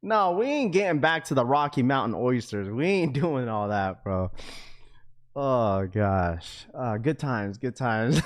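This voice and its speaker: A man's voice: medium pitch, very animated, takes it slowly. A young man hosting a live stream who chats loosely and slangily with his viewers and laughs often. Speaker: livestream host. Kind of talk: casual live-stream chat.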